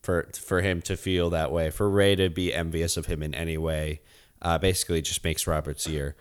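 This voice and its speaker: A man's voice: deep voice, little pitch movement, normal speed, clear, resonant tone. A man co-hosting a comedy podcast, talking in a laid-back way with dry asides. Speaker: podcast co-host. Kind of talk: casual comedic chat.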